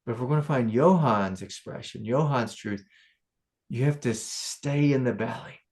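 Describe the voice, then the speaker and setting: A man, a spiritual teacher, giving a casual satsang talk to a student, telling stories in a loose, animated way. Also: medium pitch, moderate pace.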